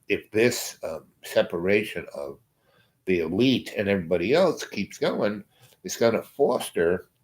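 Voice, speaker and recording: A man's voice: sits low, low-quality recording. A man telling a long, rambling story as a guest, trailing off and restarting his sentences often.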